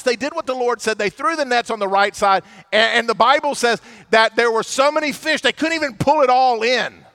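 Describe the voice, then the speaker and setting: A man preaching a sermon to a church audience, telling the story with lively, animated delivery and acting out the voices of the people in it. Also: very high-pitched. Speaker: pastor.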